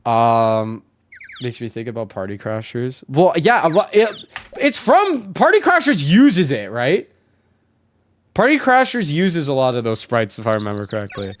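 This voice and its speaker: A man's voice: medium pitch, big pitch swings, normal speed. Chatty man streaming a story game. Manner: chatty, self-correcting, casual cursing. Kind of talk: casual game let's play commentary.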